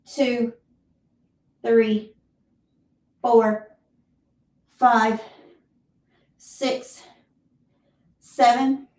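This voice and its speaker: A woman with a Southern US accent leading a live exercise class, counting reps and giving steady cues, heard from a distance in an echoey room. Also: a little high. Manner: counts reps aloud, encouraging cues, clears throat often. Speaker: fitness instructor. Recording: roomy echo, voice from far off.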